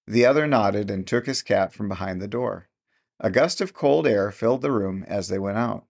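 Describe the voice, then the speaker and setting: A male narrator reads a classic short story in a measured, unhurried storytelling manner. His voice sits low and has a gravelly, fry-touched texture. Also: a little mellow. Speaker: audiobook narrator. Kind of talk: scripted narration.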